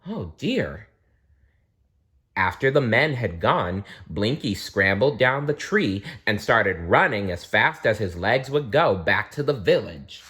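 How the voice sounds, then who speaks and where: Man reading a kids story aloud, slow and singsongy. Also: lowish voice, sing-song. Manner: gentle, with small restarts.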